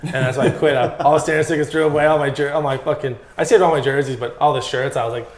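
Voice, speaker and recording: A man telling stories in a casual podcast interview, animated and full of swearing and "like"s. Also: a little high, fast talker. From Massachusetts. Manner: profane, animated storytelling with many "like"s. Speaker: guest, former pro BMX rider. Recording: echoey room.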